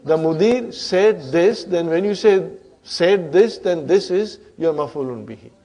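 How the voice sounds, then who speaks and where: A man's voice: high-pitched, lively intonation, a little slow, mellow. A man teaching Arabic grammar to a class in a lecture style, often checking in with his students.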